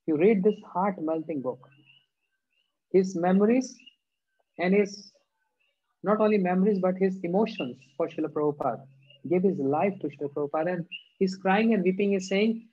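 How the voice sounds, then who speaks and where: A man giving a devotional sermon in measured, halting phrases, now and then chanting scripture verses in a sing-song. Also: high-pitched, slightly rough. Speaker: spiritual teacher giving a discourse. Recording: dull lo-fi recording.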